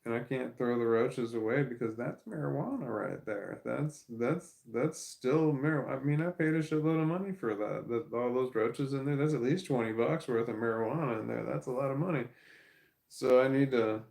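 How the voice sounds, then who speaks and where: Casual vlogger: young man, gravelly, rambling, loose and profane, mid-range pitch. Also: moderate pace, a little mellow, poor audio. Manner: rambling, laughs often, swears casually.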